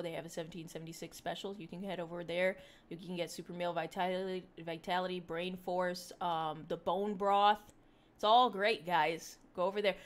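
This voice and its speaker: A woman's voice: lowish voice, a bit bright. A woman livestreaming and chatting casually to her chat, rambling with joking, sarcastic asides. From Puerto Rican heritage.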